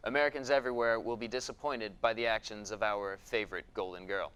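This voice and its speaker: A man playing a deadpan future news anchor. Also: on the low side, fast talker, clear, resonant tone, dull audio, close to an everyday voice. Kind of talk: mock newscast.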